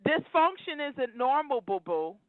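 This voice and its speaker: A woman's voice: high voice, big pitch swings, measured pace, no room sound. A woman calling in to a live show, preaching emphatically and lecturing listeners directly. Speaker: call-in caller. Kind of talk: live call-in rant. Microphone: phone. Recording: tinny dry phone line.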